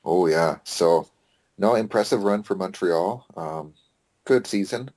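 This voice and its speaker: A man co-hosting a podcast in casual chat, excitable and swearing casually, often restarting sentences. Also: deep voice, unhurried. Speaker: podcast co-host.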